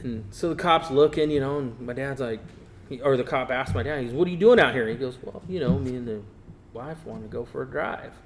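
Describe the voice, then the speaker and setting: Man telling an animated story. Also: mid-range voice, fairly quick, gravelly, a crowd in the background. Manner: animated storyteller, acts out quotes. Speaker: guest, race car builder. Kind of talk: casual storytelling. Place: podcast studio.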